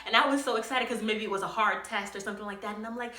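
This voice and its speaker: A young woman vlogger telling a casual story, animated, laughing often and acting out quotes. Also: mid-range voice, fast, hardly any pauses, echoey room.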